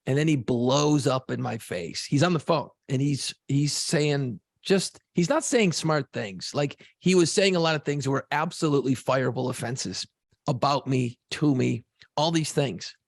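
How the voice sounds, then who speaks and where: A man's voice: medium pitch, normal speed, creaky, dry recording, studio quality. A man co-hosting a podcast in casual chat, telling stories animatedly and swearing freely. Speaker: podcast co-host.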